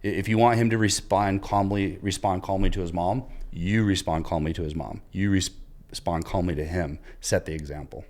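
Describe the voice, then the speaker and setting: Deep-voiced man giving earnest advice. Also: fairly quick, a little mellow. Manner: earnest, coaching, retells dialogue. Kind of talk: casual advice talk.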